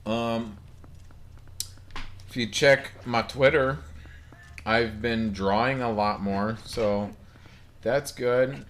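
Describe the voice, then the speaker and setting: A man's voice: mid-range voice, steady tone, extremely slow, pauses often, a bit bright, a little hiss or hum. A man giving casual gameplay commentary, rambling and apologetic, often putting himself down. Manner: rambling, apologetic, self-deprecating. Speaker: let's play gamer.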